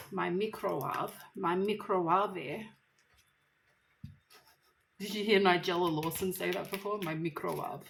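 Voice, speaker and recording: A woman's voice: on the low side, background noise. A woman chatting casually to camera while she cooks. She is teary from chopping onions and keeps groaning about her stinging eyes while she jokes at her own expense. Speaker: vlogger. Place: home kitchen. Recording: echoey kitchen with pot and dish clatter.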